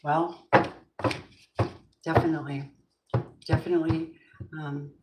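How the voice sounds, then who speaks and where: A woman's voice: deep voice, flat delivery, slow, very noisy. A woman giving a tarot reading, musing and asking the cards and spirit questions aloud. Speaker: tarot reader. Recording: roomy echo.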